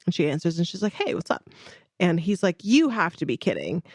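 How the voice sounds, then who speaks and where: A woman's voice: on the low side, very animated, fast talker, darkish tone, dry recording, clean studio sound. A woman co-hosting a podcast, telling a family story in casual chat and acting out the quotes. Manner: chatty storyteller, acts out quotes with laughs. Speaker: podcast co-host.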